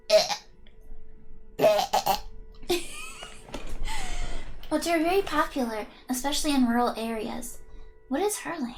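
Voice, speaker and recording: Woman, high voice, playful game streamer, chatty and giggly, soft music behind. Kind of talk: live game stream, reading game text aloud.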